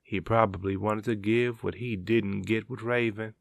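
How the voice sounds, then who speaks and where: A man narrating a dramatic story in a measured, unhurried way. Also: on the low side, steady tone, dry recording, clean studio sound. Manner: slow and measured, gravelly.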